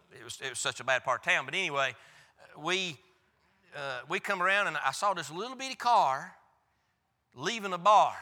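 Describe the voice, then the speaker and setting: A man's voice: a little high, bright, forceful tone, long reverb tail. A pastor preaching a sermon, telling a folksy, emphatic story from his own life. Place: church.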